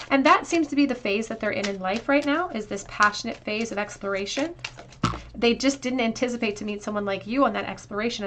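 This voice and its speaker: A woman's voice: medium pitch, bright, forceful tone, slight background noise. Woman giving a flowing tarot reading. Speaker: tarot reader. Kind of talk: pick-a-card tarot reading.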